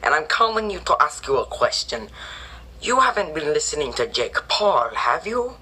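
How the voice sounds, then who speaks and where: A man's voice: a little high, very animated, moderate pace, pushed and bright, slightly rough, exaggerated voice. A man voicing a goofy male doctor who delivers absurd bad news in a mock-serious, overly dramatic way, in a homemade comedy skit. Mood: mock grave.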